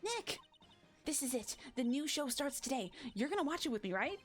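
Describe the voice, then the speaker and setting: A chirpy, bubbly young girl sidekick, as a woman puts her on for a game read-through, pitched well above a normal speaking voice. She is eager and a little pestering, bright and bouncy, with soft music underneath. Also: very animated, moderate pace. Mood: excited.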